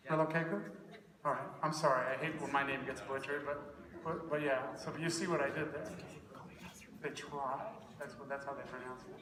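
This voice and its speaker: A man's voice: medium pitch, steady tone, moderate pace, crowd noise. A middle-aged man, a guest trumpet soloist, chatting and joking on stage at a concert in a rambling way, often correcting himself. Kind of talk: onstage banter at a concert. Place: school concert hall stage. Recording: echoey hall, taped from far off.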